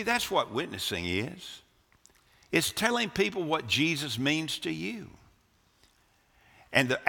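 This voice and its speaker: Man, pastor, sermon, bright forceful voice, earnest, restarts, swinging emphasis, reverberant church hall. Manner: earnest preaching with frequent restarts, swinging pitch and volume. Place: church sanctuary.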